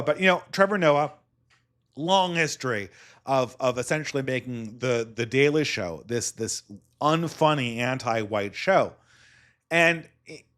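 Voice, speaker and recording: Male podcast host, solo commentary, sardonic and polemical, average pitch. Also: a bit bright.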